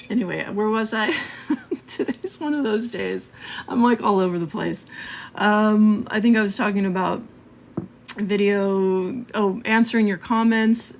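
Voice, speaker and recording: Chatty woman hosting a marketing live stream. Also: mid-range voice. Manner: chatty, scattered, laughs often, keeps asking "okay?". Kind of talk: casual live-stream coaching.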